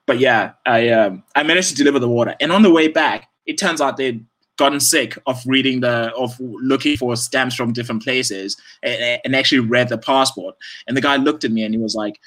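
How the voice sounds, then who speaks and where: A man's voice: medium pitch, a little fast, a bit bright, rough recording. Laughing man telling a story. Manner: laughs often while telling stories, swears casually. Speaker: guest. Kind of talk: casual storytelling.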